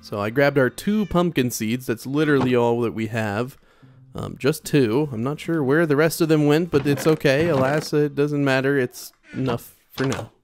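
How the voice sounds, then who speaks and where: This young let's play host speaks at a medium pitch and normal speed, chatting casually over soft game music. When he gets panicked, his excitable commentary turns into yelps and repeated words.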